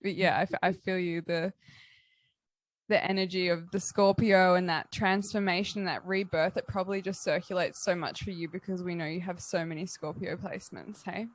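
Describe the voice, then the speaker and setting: A woman hosting a podcast, chatting casually and telling stories in an animated way. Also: lowish voice, moderate pace. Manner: warm, animated storyteller, laughs easily. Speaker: podcast host. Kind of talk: casual conversational interview.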